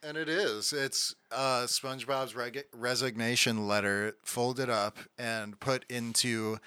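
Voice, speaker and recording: A laid-back man with a bright, forward voice, chiming in with dry side comments as he and his co-host go over a cartoon episode. The sound is close-miked and dry. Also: mid-range voice, steady tone, slow, smooth, no room sound. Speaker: podcast co-host. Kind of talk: casual chat recapping a cartoon episode.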